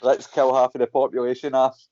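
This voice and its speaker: A Scottish man in a relaxed chat tells stories with animated energy, swearing freely and acting out his own and other people's lines. His voice sits at a middle pitch and sounds dry and close. The call audio is dull and lo-fi. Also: brisk, no echo. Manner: animated storytelling, frequent swearing, acts out quotes. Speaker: guest, MMA fighter. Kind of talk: casual chat.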